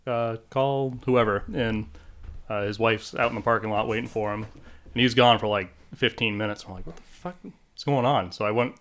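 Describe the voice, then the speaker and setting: Low-voiced man rambling through an anecdote. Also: fairly bright tone. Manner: rambling anecdotes with many fillers. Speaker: podcast co-host. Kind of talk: casual chat.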